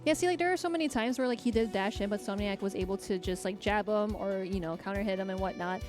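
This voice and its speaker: A woman's voice: mid-range voice, quick pace. A woman co-commentating a live fighting-game tournament, giving casual, rambling analysis full of "like" and "you know", tired late at night. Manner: casual, filler-heavy analysis with "like". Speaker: esports co-commentator. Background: music.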